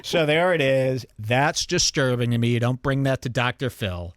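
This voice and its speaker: A man's voice: normal speed, few pauses, no room sound, clean studio sound. A man hosting a podcast, ranting crudely and mockingly in a comedic style. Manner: mocking, exaggerated, swings pitch wildly. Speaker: podcast host.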